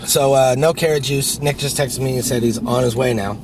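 A man talks casually on a podcast recorded inside a moving car. He tells stories with energy and throws himself into the voices of the people in them. Road noise runs clearly underneath. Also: mid-range voice, a little fast. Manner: animated storyteller, acts out quoted people loudly. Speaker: podcast co-host. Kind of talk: casual chat.

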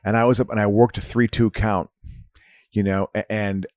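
A man's voice: on the low side, little pitch movement, moderate pace, darkish tone, dry recording. Rambling middle-aged man, dry sound. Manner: rambling storyteller with frequent restarts. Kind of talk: casual chat.

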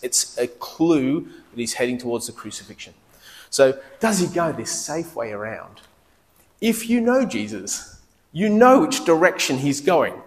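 A man preaching a sermon in a lively, conversational way, asking the congregation questions as he goes. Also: mid-range voice. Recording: long reverb of a large hall.

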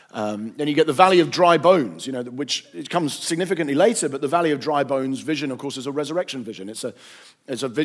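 A man giving an unscripted lecture on scripture, thinking aloud with frequent ums and self-corrections. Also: mid-range voice.

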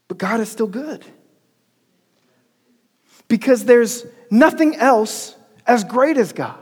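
Pastor, male, very high voice, chatty storytelling sermon, long church-hall reverb. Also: expressive, slow, long pauses, husky. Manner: storytelling, conversational preaching with call-and-response. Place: church sanctuary.

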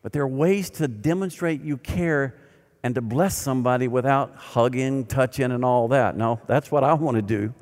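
An older man preaching a sermon as pastor, animated and then dropping to quiet emphasis. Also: medium pitch, normal speed. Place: church sanctuary. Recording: long reverb of a large hall.

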